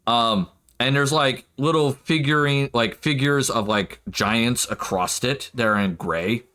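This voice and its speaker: A man narrating as game master of a tabletop game, laughing often and getting excited. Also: medium pitch, slow pace, clean tone.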